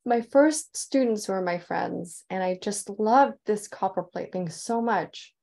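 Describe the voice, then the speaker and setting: A woman's voice: mid-range voice, slow pace, vocal fry, mellow. A woman calligraphy teacher telling her story in a heartfelt, enthusiastic presentation over a video call.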